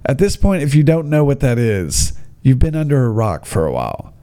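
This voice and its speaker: Young man telling a comic story, mellow tone, animated delivery. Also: medium pitch, brisk, smooth. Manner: rambling, many fillers and restarts, animated. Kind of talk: casual comedic storytelling.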